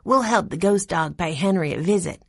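A woman's voice: lowish voice, moderate pace, husky. A woman voicing a playful, mischievous young girl in a storybook reading.

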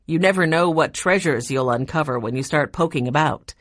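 Earnest friendly teacher, read by a woman; low, dry delivery. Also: brisk, dry recording. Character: friendly man, a history teacher.

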